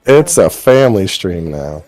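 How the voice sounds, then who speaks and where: A man's voice: low voice, big pitch swings, measured pace, a little mellow, soft background music. A man streaming a game with friends, chatting in a laid-back, rambling way. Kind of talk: casual gaming chat.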